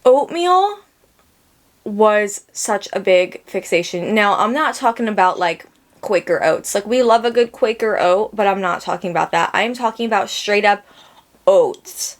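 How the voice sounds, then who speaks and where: A woman's voice: mid-range voice, lively intonation, measured pace. A young woman hosting a casual solo podcast, rambling and joking at herself, talking through lots of fillers and restarts while sounding a little under the weather. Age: young adult. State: sick. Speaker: podcast host.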